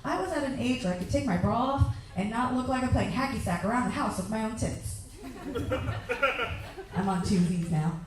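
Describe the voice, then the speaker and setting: A young woman performing a stand-up comedy set on a club stage, ranting in lively bursts and shouting her acted-out asides. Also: on the high side, a little fast, recorded from a distance, crowd noise. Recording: echoey club room heard from afar.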